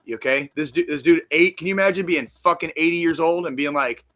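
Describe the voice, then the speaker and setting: Man, podcast co-host, bright and forceful, brash and profane. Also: a little high, quick pace. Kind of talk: casual chat.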